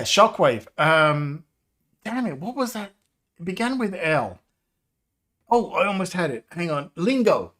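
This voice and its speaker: A man in his fifties rambles through a casual live stream. His voice is a touch high and swings widely in pitch. He laughs often and drifts into nostalgia. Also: fairly bright tone. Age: 50s. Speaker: game developer livestreamer.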